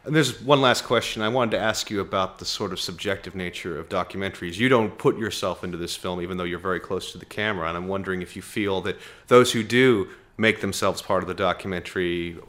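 A man's voice: sits low, quick pace, hardly any pauses, a bit bright. A male interviewer asking formal, probing questions.

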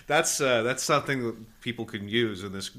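A man's voice: medium pitch, moderate pace, pushed and bright. A male interviewer with a mid-range voice probes an author with curiosity. His questions wander and build up before he lands them. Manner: curious, asks long winding questions.

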